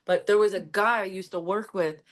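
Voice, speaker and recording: A woman's voice: medium pitch, a little fast. Brash Philadelphia woman telling stories. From Philadelphia area. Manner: brash, animated storyteller acting out quotes. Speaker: stand-up comedian guest. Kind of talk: casual storytelling chat.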